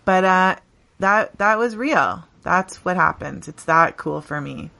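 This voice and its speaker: A middle-aged woman, a teacher talking earnestly and warmly about her work in an interview, laughing often. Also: fairly low pitch, lively intonation, slow, creaky, no room sound. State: briefly tearful. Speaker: teacher, podcast guest. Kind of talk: conversational interview.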